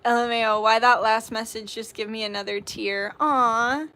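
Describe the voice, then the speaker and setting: A young woman talks casually to viewers of her live tarot stream, reading their comments aloud and answering them. Her voice sits a little high and sounds bright and clear. She giggles often and swears without a second thought. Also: steady tone, normal speed.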